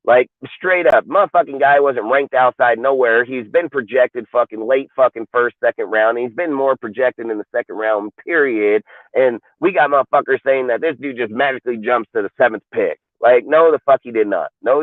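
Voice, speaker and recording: A man's voice: medium pitch, no room sound. A man ranting about football on a livestream talk show, emphatic and full of profanity. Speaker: podcast co-host. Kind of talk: heated sports talk rant. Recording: tinny phone-like line, dry.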